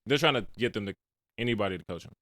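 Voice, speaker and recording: Young man, low voice, rapid talker, lively slang-filled recaps, dry close mic. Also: no room sound. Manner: animated storyteller, retells scenes with slangy asides. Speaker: podcast host reviewing movies. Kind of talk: casual chat.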